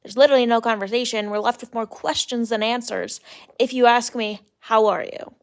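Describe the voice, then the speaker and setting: A woman's voice: on the high side, steady tone, fairly quick. A young woman in a casual solo rant, talking with exasperated mocking asides and lots of "like" and "literally". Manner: exasperated, mocking mimicry of others; casual filler-heavy speech, "like" and "literally". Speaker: podcast host.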